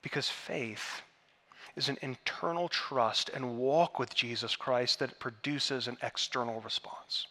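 A man preaching a sermon in a church, earnest, building to emphatic peaks and dropping to hushed tones. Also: medium pitch, measured pace. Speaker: pastor. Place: church sanctuary.

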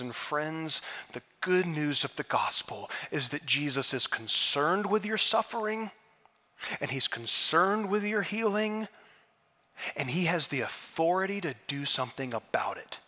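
A man preaching a sermon in a church, earnest, building to emphatic peaks and dropping to hushed tones. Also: a little high, a little slow. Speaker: pastor. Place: church sanctuary.

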